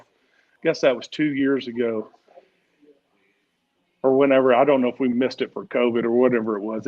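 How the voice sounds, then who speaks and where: A man in his own plain voice, talking in a loose, folksy way with lots of "uh" and "I tell you what." His voice sits at an ordinary middle pitch. The stream audio is somewhat dull and lo-fi. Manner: rambling, folksy, many "uh" fillers. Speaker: barbecue class teacher and guest. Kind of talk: casual storytelling chat.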